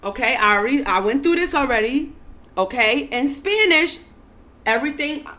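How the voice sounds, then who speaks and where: A woman giving a spiritual teaching monologue to her listeners, coaxing and soothing them with repeated calls to breathe and calm down, then rising to emphatic stresses. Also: high voice, moderate pace.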